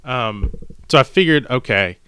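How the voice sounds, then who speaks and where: A middle-aged man co-hosting a podcast, telling a rambling, animated story in casual chat. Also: medium pitch, a little slow, clear, resonant tone. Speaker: podcast co-host.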